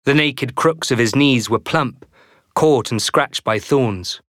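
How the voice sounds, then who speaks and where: Reading from a novel, this male narrator delivers scripted audiobook narration with measured, expressive storytelling. The sound is clean studio audio with no room sound, and his voice is mid-range.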